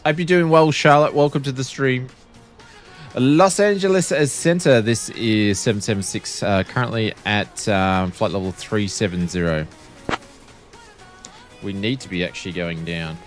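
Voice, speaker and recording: A man's voice: fairly low pitch, measured pace, faint music behind. Joking Australian guy streaming. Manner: joking, playfully pleading. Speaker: flight sim streamer. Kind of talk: casual live-stream chat.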